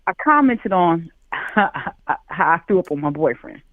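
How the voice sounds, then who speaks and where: This guest, a forties-aged man from Chicago, USA, spins a story on a call-in chat, animatedly performing the voices of its characters. He speaks a little slowly with a fairly high pitch, over a tinny, dry phone line.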